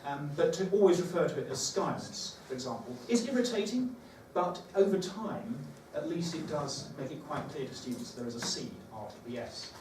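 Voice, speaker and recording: A teacher trainer with a fairly high voice and lively intonation gives a workshop to teachers, speaking fairly quickly with hardly any pauses. He's conversational and thinks aloud with fillers. The room echoes, the mic is distant, and there's background noise.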